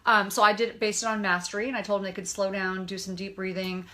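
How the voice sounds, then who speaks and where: Bright animated woman telling a story. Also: mid-range voice, fast talker. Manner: animated storyteller, acts out quotes. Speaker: podcast co-host, nurse. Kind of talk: casual storytelling chat.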